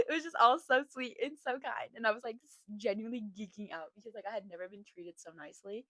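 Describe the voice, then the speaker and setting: A young woman hosts a casual podcast and tells a story in a chatty, lively way. Her voice sits a bit high. The sound is close and dry, with no room around it. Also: quick pace, few pauses, no room sound. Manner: chatty and animated, laughing often, heavy filler "like". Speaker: podcast host.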